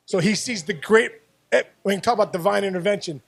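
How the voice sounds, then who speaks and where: His voice sits high with vocal fry, and he talks fast. Once a baseball player from the Pittsburgh area, he tells animated stories as an interview guest, full of repeated words and restarts.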